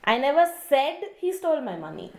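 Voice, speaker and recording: High-voiced woman reading with shifting stress. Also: sing-song, fairly quick, darkish tone. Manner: reads aloud, shifting the stress. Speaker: demonstration helper. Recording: echoey room.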